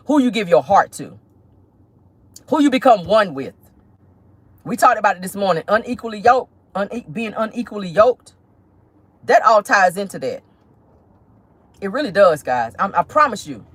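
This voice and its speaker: Woman commentary vlogger with a husky tone and an animated delivery; emphatic, preachy, and profane. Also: medium pitch. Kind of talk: casual pop-culture commentary.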